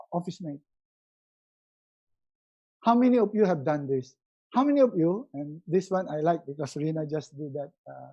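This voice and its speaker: Emphatic Filipino man coaching. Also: lo-fi sound. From Philippines. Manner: emphatic, repeats key words, drops his voice low and soft for emphasis. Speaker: resiliency coach and speaker. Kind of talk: motivational webinar talk.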